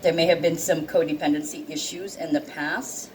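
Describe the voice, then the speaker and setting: A woman with a lowish voice reads oracle cards in a casual chat to her viewers, getting teary and sniffling as she goes. She laughs easily and swears freely, and a faint hum of room noise sits under her voice. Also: fairly even intonation, normal speed, a little mellow, poor audio. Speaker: intuitive card reader. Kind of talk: casual tarot card reading.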